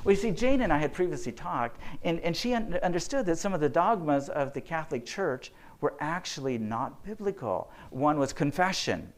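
A man's voice: on the high side, animated, moderate pace, few pauses. A man, a physician, giving a faith-based lecture to health workers, telling earnest stories and acting out the quotes. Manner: earnest storyteller, acts out quotes.

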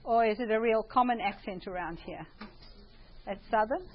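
A woman's voice: fairly high pitch, normal speed, dull audio, slight background noise. A woman with a South African accent giving a chatty, informal talk to an audience. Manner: chatty, self-deprecating, prays before speaking. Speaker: speaker at a church presentation.

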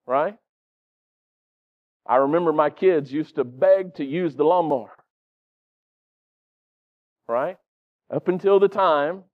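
A middle-aged male preacher with a notably high voice, talking a sermon through in an easy, conversational way. He keeps turning to the congregation with quick questions. The recording is dull and lo-fi.

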